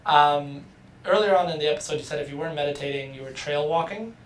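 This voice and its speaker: A woman's voice: low voice, fast. A woman hosting a podcast interview, asking curious questions and often murmuring short affirmations. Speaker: podcast host. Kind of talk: casual interview chat.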